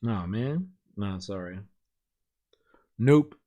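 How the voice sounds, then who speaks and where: Hosting a casual reaction stream, a man from Australia with a Western Sydney accent chats in a sarcastic, teasing way and swears a lot. His voice sits lowish with a dark tone and lively intonation, and he speaks very slowly. There's no room sound in the recording.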